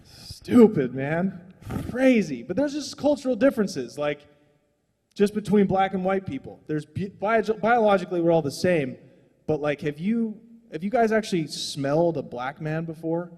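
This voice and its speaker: A man's voice: high voice, animated, moderate pace, darkish tone, in a large hall. A young adult man doing a stand-up comedy set on a small stage, rambling and profane in a loose, conversational way.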